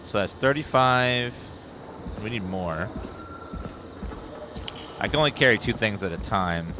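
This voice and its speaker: A man streaming a horror game live, chatting excitably and rattling off lists of viewer names at speed. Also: on the low side, over music. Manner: excitable, rapid-fire reading of viewer names. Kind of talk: live gameplay commentary.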